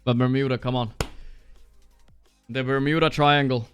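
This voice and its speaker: A young man streaming live, chatting casually, reacting loudly and swearing often while he plays a guessing game. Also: medium pitch, fairly even intonation, moderate pace, soft background music.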